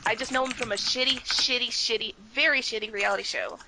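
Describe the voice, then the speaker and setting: Woman co-host, casual and blunt, fry-heavy voice sitting a bit high. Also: fairly even intonation, a little fast, background noise. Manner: blunt, exasperated, swears freely, laughs often. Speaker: podcast co-host. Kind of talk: casual chat.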